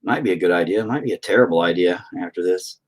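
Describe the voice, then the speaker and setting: Low-pitched and quick, a young man from the United States paints on stream, reading chat aloud and rambling through crude jokes as the painting livestream's host.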